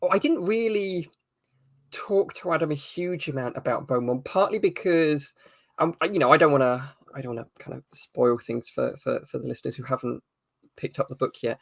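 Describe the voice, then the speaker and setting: A man's voice: mid-range voice, moderate pace, gravelly, no echo. A man being interviewed as an author, thoughtful and a bit hesitant, with dry humor. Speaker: author as guest. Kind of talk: casual interview answers.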